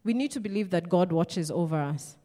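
A woman preaching a sermon in a lively, conversational way with playful asides. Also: fairly low pitch, a little fast. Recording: reverberant hall.

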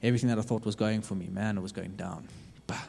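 Man preaching, low mellow voice, earnest and repetitive, swinging between loud and hushed, long hall reverb. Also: fairly even intonation, fast, vocal fry, a little hiss or hum. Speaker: youth preacher. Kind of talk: sermon.

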